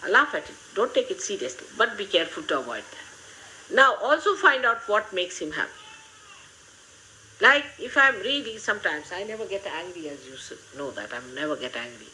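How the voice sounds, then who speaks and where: An older woman, giving a gently humorous, motherly spiritual talk to her followers. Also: mid-range voice, very animated, moderate pace, slight background noise, poor audio. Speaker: spiritual teacher.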